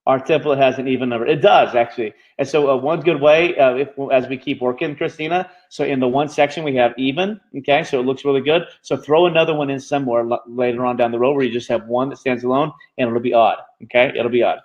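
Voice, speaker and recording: A man teaching a live online marketing class, talking quickly and checking in with his students every few phrases. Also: medium pitch, muffled recording. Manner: fast-talking, constantly checking in with "okay?". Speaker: marketing bootcamp instructor.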